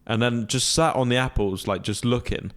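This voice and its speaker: A young man telling a travel story on a podcast, relaxed and swearing freely. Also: mid-range voice, normal speed. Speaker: podcast co-host. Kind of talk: casual chat.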